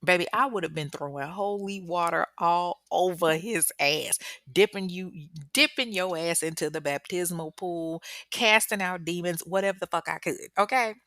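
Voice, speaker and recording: A woman's voice: lowish voice, moderate pace, fairly bright tone, no room sound, studio quality. A woman hosting a true-crime podcast, telling the story casually with lots of slang, profanity and ad-libbed asides. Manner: slangy, profane, chatty, ad-libbing. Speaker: podcast host.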